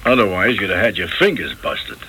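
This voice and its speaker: An actor playing a street tough who talks in fast, streetwise slang. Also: male voice, low voice, lively intonation, bright, forceful tone, husky, full character voice.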